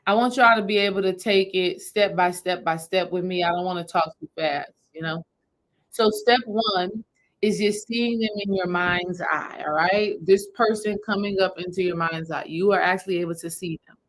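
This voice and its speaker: A woman's voice: fairly low pitch, moderate pace, poor audio. A woman spiritual healing coach, talking her audience through a meditation step by step in a casual, repetitive way. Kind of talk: guided meditation talk to a live audience.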